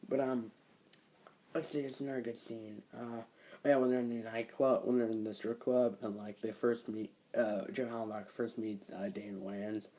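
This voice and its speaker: A man's voice: fairly low pitch, little pitch movement, moderate pace, dark tone, rough recording. A young man casually reviewing a film, retelling scenes in a rambling way, full of fillers and "like.". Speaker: movie reviewer.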